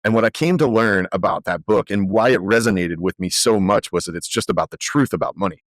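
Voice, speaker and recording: A man guesting on a podcast, telling animated stories full of fillers in a conversational way. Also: fairly low pitch, fairly quick, no room sound, studio quality. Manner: animated, lively storyteller with frequent fillers. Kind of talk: conversational storytelling.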